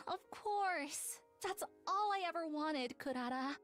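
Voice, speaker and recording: A woman voicing a remorseful teenage girl in an anime game, speaking slowly through tears with a high, youthful voice. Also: lively intonation, a bit bright, exaggerated voice. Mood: tearful. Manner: slow and choked with tears. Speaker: voice actress. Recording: game audio with music underneath.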